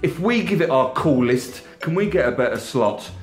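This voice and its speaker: A man's voice: mid-range voice, big pitch swings, moderate pace, pitched above the performer's own voice, natural voice. A man voicing a sarcastic male band manager, in an echoey room.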